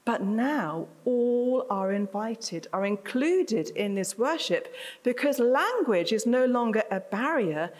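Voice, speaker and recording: A woman's voice: on the high side, animated, takes it slowly, darkish tone. A woman preaching a sermon to her congregation, chatty, with self-deprecating asides. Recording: reverberant hall.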